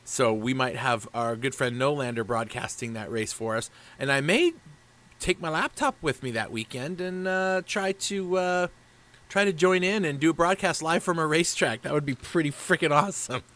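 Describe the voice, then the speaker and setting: Bright-voiced chatty man streaming races. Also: fairly high pitch, moderate pace. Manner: chatty and rambling. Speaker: league race broadcaster. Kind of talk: casual live-stream commentary.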